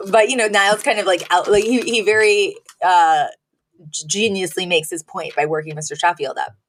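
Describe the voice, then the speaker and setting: A woman's voice: on the low side, steady tone, normal speed, a little hiss or hum. A woman co-hosting a podcast, recapping a sitcom episode in a chatty way, laughing often and acting out quotes from the characters. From Washington, D.C. area. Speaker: podcast co-host. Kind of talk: casual recap chat.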